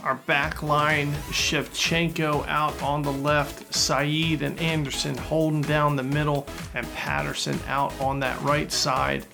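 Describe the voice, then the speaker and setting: A man commentating on his own football video game like a jokey sportscaster, getting loud and excited during attacks and saves. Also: on the high side, slow pace, gravelly, hardly any pauses, over music. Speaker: gaming YouTuber. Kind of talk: let's-play commentary.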